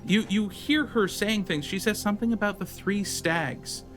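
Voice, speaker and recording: Higher-voiced man running a tabletop game. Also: a bit bright, faint music behind. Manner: rambling, halting narration. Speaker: game master.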